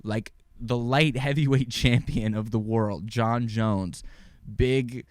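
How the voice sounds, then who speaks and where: A man in his twenties hosting a podcast, rambling casually about fights, excitable and swearing now and then. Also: medium pitch, slow pace, no echo. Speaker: podcast host. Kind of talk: casual sports chat.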